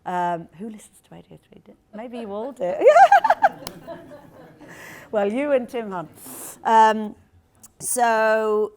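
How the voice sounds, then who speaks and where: A woman author in conversation at a live event, telling an anecdote in a lively, animated way with quick asides. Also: a little high. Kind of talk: storytelling talk at a live event. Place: event hall with audience.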